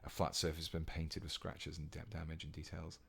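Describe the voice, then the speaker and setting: A man's voice: extremely low pitch, a little fast, gravelly, a little hiss or hum. A British man giving a casual painting tutorial on a live stream, chatting with viewers as he works. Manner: relaxed and chatty, reading out viewer comments.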